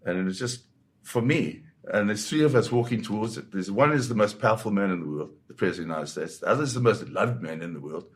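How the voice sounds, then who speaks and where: A man from Zimbabwe, a photographer guest, telling anecdotes in a lively raconteur's way and acting out the voices of people in his stories. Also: deep voice. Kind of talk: anecdotal storytelling.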